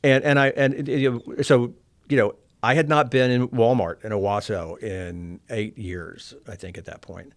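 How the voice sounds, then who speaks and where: A middle-aged man from Oklahoma telling a candid personal story, soft-spoken and reflective, often trailing off quietly. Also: mid-range voice, fairly even intonation, moderate pace. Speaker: interview guest.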